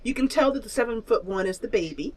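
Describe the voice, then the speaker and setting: Lively woman running a tabletop game. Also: a little high, fast. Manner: chatty and laughing, with many fillers. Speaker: game master. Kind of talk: narrating an online tabletop game.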